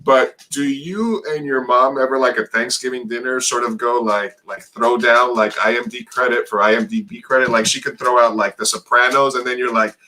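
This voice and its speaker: A man's voice: medium pitch, fairly even intonation, moderate pace, hardly any pauses, sharp tone, rough recording. A man hosting a casual interview, playful and joking as he asks questions. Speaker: host.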